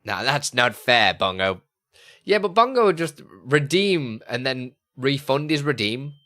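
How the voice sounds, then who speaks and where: A man's voice: mid-range voice, big pitch swings, measured pace, bright, forceful tone. A man chatting casually on a live stream, thinking aloud and answering chat as he goes.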